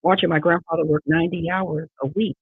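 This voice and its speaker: A woman's voice: fairly low pitch, fairly even intonation, a little fast, slightly rough, dry recording. A woman in her fifties from Erie, Pennsylvania, answering interview questions earnestly and repeating key phrases for emphasis. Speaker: judicial candidate guest. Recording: tinny dry online call audio.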